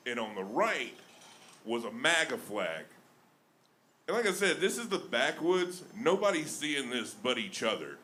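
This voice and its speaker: A young Alabama man with an Alabama accent does a self-mocking stand-up set on a comedy club stage, his mid-range voice sing-song, pushed and bright. He talks unhurriedly and chattily, with laughs woven into the flow, over a little hiss or hum.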